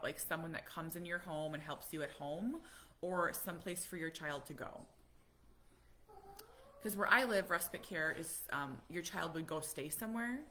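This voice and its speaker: A middle-aged American woman telling stories in a casual live chat, animated and acting out what people said. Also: fairly low pitch, a little hiss or hum. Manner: storytelling, animated, acts out quotes. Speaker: vlogger, autism parent.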